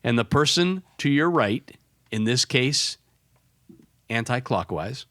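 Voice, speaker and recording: A man co-hosting a casual podcast chat, playful and quick to laugh. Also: mid-range voice, lively intonation, pushed and bright, dry recording, clean studio sound. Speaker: podcast co-host.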